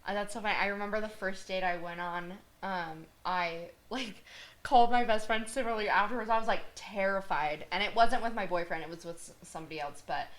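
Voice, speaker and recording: A woman's voice: medium pitch, brisk, fairly bright tone. A woman hosting a podcast, speaking reflectively in a casual conversation. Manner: reflective, conversational, laughs between thoughts. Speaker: podcast host.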